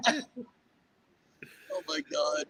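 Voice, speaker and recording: Goofy, gravelly man streaming from a street. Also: extremely high pitch, fairly even intonation, slow pace, sharp tone, dry recording, poor audio. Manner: goofy, self-mocking, rambling. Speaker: livestreamer staging a mock audit. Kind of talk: joking live-stream chat. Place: outdoors on a city street by concrete. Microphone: headset.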